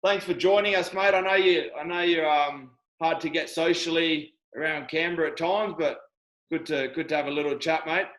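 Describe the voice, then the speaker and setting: A young Australian man hosts a casual chat over a video call. His voice sits a little high. He talks in a chummy, halting way and throws in "mate" almost every line. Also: fairly even intonation, fairly bright tone, poor audio. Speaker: host.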